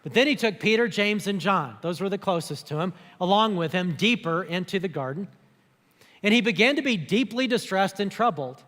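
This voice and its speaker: Man, pastor in a church hall, chatty sermon with quoted bits, voice sits high. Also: expressive, moderate pace, a bit bright. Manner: conversational preaching, acts out quoted speech. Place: church auditorium.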